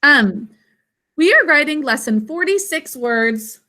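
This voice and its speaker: A woman teaching her class over a video call, patient and encouraging as she walks through each word step by step. Her voice is bright and somewhat high, with a forceful edge. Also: animated, slow. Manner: explains step by step. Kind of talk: classroom instruction.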